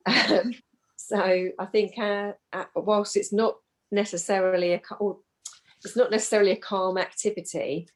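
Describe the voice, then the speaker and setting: A woman's voice: mid-range voice, fairly even intonation, normal speed. A woman with an English accent, a parent carer, talks candidly about home life in a support group, restarting her sentences as she goes. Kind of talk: casual sharing in a group call.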